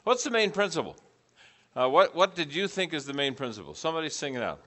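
A man's voice: fairly high pitch, big pitch swings, fast, pushed and bright. A middle-aged man teaching a preaching class, putting questions to the group and repeating back their answers.

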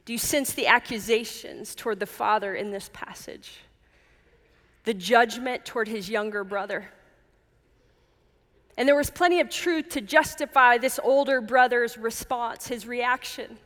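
Woman pastor, higher voice, earnest measured sermon delivery, church hall reverb. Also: fairly bright tone. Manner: earnest, measured, with emphatic repetition.

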